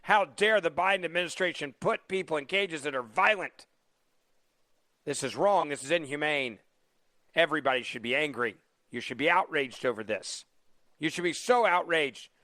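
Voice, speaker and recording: A man hosting a talk radio show as fill-in, mocking and animated, taking callers. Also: fairly high pitch, moderate pace, no room sound. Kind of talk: opinionated talk radio monologue. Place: radio studio. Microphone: studio microphone.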